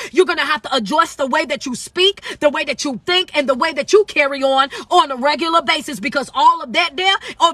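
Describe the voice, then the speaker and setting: Bright high-energy woman coach. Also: dry recording. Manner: high-energy, calls out viewers, folksy Southern slang. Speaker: motivational speaker and life coach. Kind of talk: live-stream motivational talk.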